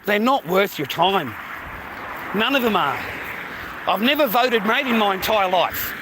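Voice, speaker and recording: A man's voice: high-pitched, sing-song, measured pace, noisy background. A man in his fifties with an Australian accent, livestreaming a blunt, profane rant on a city street and calling listeners "mate". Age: 50s.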